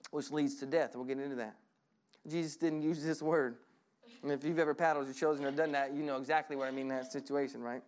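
High-voiced, animated male preacher. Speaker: pastor. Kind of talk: sermon.

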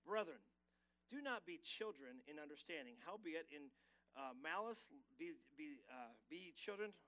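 A man preaching a Sunday sermon with a slightly high voice. He urges the congregation to answer him aloud and reads scripture with emphasis. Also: animated, moderate pace, sharp tone, rough recording. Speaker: pastor. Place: church sanctuary.

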